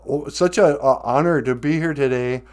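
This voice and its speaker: A man's voice: medium pitch, normal speed. A man from Minnesota, hosting a casual live stream, playfully chatting and chuckling as he greets viewers. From north central Minnesota. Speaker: host.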